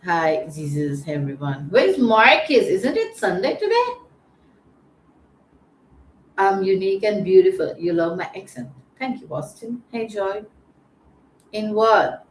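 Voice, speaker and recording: A woman's voice: mid-range voice, sing-song, a little slow. A woman hosting a livestream, greeting viewers by name in a chatty, teasing way. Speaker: livestream host. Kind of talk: casual livestream chat. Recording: echoey room with faint ambient noise.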